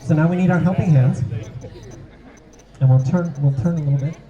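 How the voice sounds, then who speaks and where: Male host at a fan event, chatty, high and animated, dull roomy sound. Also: a little fast. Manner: chatty, stumbling, repeats phrases. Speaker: event host and improv game leader. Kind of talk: live stage panel.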